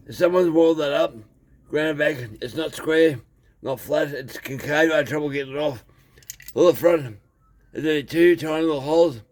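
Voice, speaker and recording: A man with an Australian accent, talking casually and haltingly through a chainsaw repair, with many fillers. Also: a little high, slight background noise. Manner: rambling, plain-spoken, halting with fillers. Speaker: small engine repairer. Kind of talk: casual workshop video.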